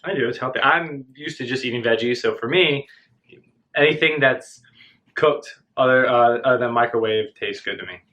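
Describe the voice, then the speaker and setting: A man chatting casually through a meal at home, relaxed and hesitant, with lots of ums and uhs. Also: medium pitch, moderate pace. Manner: relaxed, hesitant, many fillers. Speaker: co-host, guest on the vlog. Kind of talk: casual mukbang chat. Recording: dull lo-fi sound.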